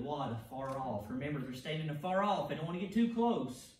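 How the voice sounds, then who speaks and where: A man's voice: a little high, lively intonation, fairly quick, few pauses, a little mellow. A man preaching an evening sermon in an emphatic style, often repeating words and restarting phrases. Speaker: pastor. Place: church sanctuary. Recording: echoey church heard from a distance.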